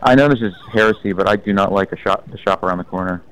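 Fast-talking, blunt, low-voiced man. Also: a little hiss or hum, poor audio. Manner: opinionated, blunt. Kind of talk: casual film discussion.

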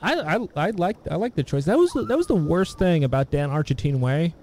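A man chatting casually about old films, meandering and halting, often restarting his sentences. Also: on the high side, expressive, darkish tone. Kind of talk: casual film discussion.

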